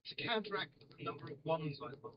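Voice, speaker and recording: A man's voice: fairly high pitch, animated, fast talker, highs cut off. Easygoing man, noisy car recording. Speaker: podcast guest. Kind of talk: casual chat. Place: inside a car.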